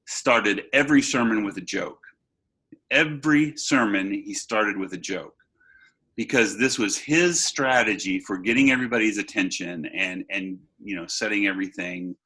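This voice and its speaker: A man's voice: fairly low pitch, sharp tone. A man who is a pastor, giving an online seminar lecture over a video call in a conversational way, with fillers and restarts. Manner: conversational, pauses with fillers and restarts, stresses points.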